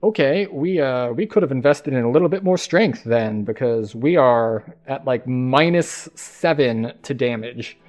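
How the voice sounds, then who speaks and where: Relaxed man narrating his gameplay. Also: mid-range voice, measured pace, few pauses. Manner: thinking aloud, relaxed. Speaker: game streamer. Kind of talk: casual gameplay commentary.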